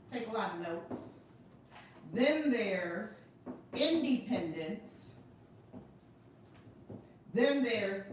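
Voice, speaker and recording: A woman hosting a live-streamed class as a spiritual teacher, exuberantly greeting viewers by name and then teaching, stressing key words. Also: mid-range voice. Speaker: spiritual teacher and channel host. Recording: echoey room, far from the mic, faint noise.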